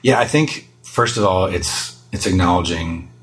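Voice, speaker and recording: Man, middle-aged, low voice, interview guest, earnest, self-deprecating, conversational. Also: a little slow, fairly bright tone, rough recording. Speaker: guest speaker and parent.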